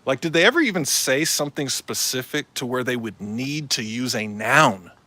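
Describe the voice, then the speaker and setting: Rambling through a casual live-stream monologue at normal speed, a man uses a bright, forceful voice in a mid-range male pitch with lively intonation. Fillers, slang and restarts fill his loose delivery, captured in a dry recording.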